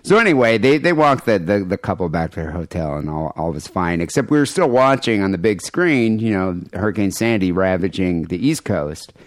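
A man co-hosting a podcast, telling crude stories in casual, animated chat. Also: deep voice, a little fast, hardly any pauses, no room sound. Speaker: podcast co-host.

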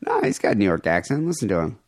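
A man's voice: lowish voice, sing-song, very fast, no room sound. A man hosting a comedy podcast, trading loose, crude banter and laughing often. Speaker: podcast host. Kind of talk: casual comedy podcast chat.

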